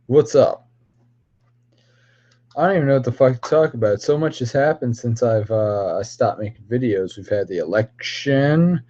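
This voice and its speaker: Male streamer, mid-pitched, foul-mouthed and rambling, lo-fi recording. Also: normal speed, dark tone. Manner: profane, rambling, confrontational. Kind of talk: casual ranting stream.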